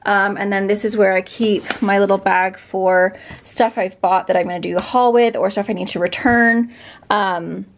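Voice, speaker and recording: A woman vlogger talks her way around her bedroom filming room in a loose, upbeat, chatty way. Her mid-pitched voice carries a noticeable gravelly fry, and she leans on plenty of likes and ums as she goes. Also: steady tone, normal speed, a little hiss or hum. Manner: chatty, filler-heavy, upbeat. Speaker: beauty vlogger. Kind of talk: casual room tour.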